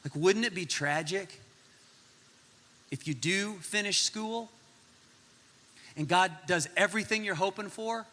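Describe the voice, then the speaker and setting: A man preaching animated, joking pastor in a reverberant hall. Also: sits high, unhurried, pauses often. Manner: animated, jokey, acts out voices in his stories. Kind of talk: sermon with comic storytelling. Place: large church auditorium.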